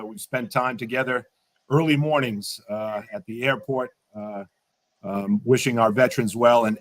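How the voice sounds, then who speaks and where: A man giving earnest remarks as a guest on a livestream, repeating words and using many fillers. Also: mid-range voice. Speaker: state secretary, guest.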